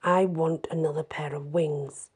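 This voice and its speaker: A woman's voice: sits low, steady tone, a little slow, breathy edge, exaggerated voice. A woman voicing a spoiled, cruel little boy who talks in a whiny, petulant way.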